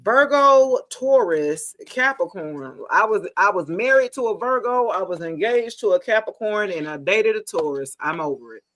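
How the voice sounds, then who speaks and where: A woman, giving a casual live tarot reading in a chatty, animated, slangy way, talking straight to her viewers. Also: medium pitch, normal speed, hardly any pauses. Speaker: tarot reader.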